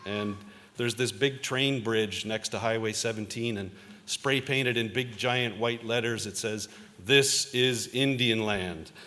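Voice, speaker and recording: A fairly low-voiced man in his fifties gives a convocation speech from a podium. He tells stories from his career in an easygoing, self-deprecating manner and often pauses on "uh". The sound carries a long reverb from a large hall. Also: steady tone, sharp tone. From Ontario, Canada. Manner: conversational storytelling, self-deprecating, with frequent uh fillers. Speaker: convocation speaker, journalist. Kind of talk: convocation address with personal stories.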